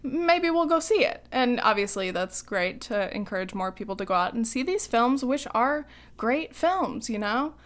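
A young adult woman co-hosts a podcast, her fairly high, slightly bright voice moving at a normal speed. The conversation is casual, and she's chatty and giggly, with plenty of ums and likes.

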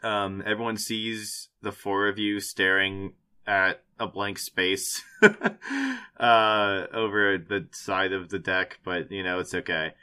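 A man's voice: low voice, little pitch movement, slow, bright, forceful tone, smooth. A man narrating as game master, hesitant, with frequent fillers. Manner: hesitant, full of fillers and laughs.

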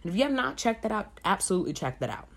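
A man's voice: high voice, big pitch swings, very fast, fairly bright tone. A young man hosting a casual solo advice podcast late at night, sleepy, emphatic and repeating words for stress. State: sleepy, recording at 3 a.m. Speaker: podcast host. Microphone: home podcast mic.

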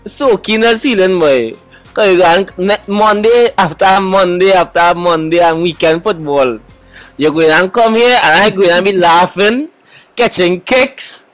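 High-voiced man bantering about football. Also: measured pace, no echo, faint music behind. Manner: animated, teasing, repeats words for emphasis. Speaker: podcast co-host.

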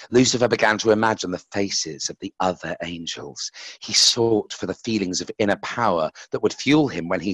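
A man reading a story aloud in an expressive, dramatic way, voicing its characters. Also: no room sound. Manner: dramatic, with wide swings of pitch and loudness.

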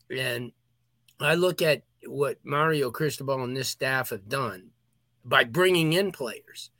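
Emphatic man in bright close sports talk. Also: medium pitch, no room sound. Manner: emphatic, talks through sneezes and throat clearing. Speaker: podcast co-host. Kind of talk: casual sports chat.

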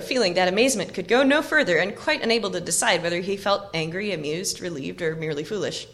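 A woman narrating a fantasy book aloud in an expressive storybook reading. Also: lowish voice, fast talker, few pauses. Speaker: reader. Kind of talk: audiobook narration.

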